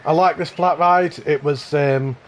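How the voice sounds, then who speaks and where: A man's voice: fairly high pitch, fairly even intonation, unhurried, slight background noise. A man hosting a casual live stream, touring and praising contest park builds with eager, effusive commentary. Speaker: livestream host touring contest parks.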